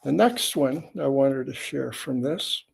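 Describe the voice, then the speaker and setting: A man teaching as a Zen teacher in a dharma talk, unhurried and conversational with wry asides. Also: medium pitch, lively intonation, creaky, darkish tone, slightly rough.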